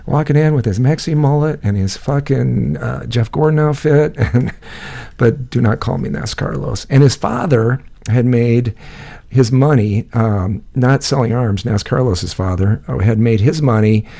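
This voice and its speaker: A man's voice: medium pitch, a little slow, gravelly, warm tone. A man telling a rambling, profane story in casual chat, laughing often.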